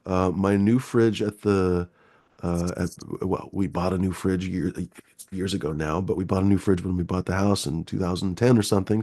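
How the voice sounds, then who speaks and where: A man with a deep, slightly mellow voice hosts a live-stream show. He chats casually in a rambling, easygoing way and swears a lot.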